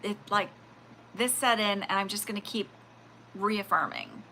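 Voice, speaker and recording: A woman with a bright, clear voice chats casually on her own livestream, rambling through her thoughts with plenty of fillers. A faint hum of noise sits behind her. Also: mid-range voice, measured pace. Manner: rambling, animated, full of fillers and acted-out quotes. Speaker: livestream spiritual reader.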